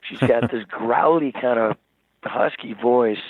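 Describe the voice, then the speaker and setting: A man's voice: medium pitch, a little slow, no room sound. Man rambling on a tinny phone line. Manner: rambling, animated storyteller with many restarts. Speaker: rock singer, interview guest. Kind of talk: casual phone interview.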